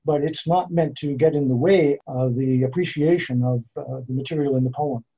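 Man, poet in interview, very dark mellow voice, measured explanations, dull lo-fi audio. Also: mid-range voice, husky. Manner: measured, explanatory, slows down to spell out meter. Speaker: poet and author being interviewed. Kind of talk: thoughtful interview answers. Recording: dull lo-fi sound.

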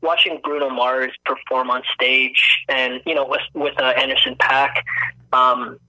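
A man's voice: mid-range voice, level tone, measured pace, pushed and bright, rough recording. A young man, a guest singer-songwriter, chatting easily in a radio interview and laughing between thoughts. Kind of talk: casual interview conversation.

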